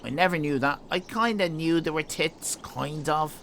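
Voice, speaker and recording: Irish guy chatting on stream, rough gravelly voice, bit of faint hiss behind. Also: on the high side, moderate pace, fairly bright tone. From Northern Ireland. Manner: rambling, jokey, chatting to viewers. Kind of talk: casual live-stream chat.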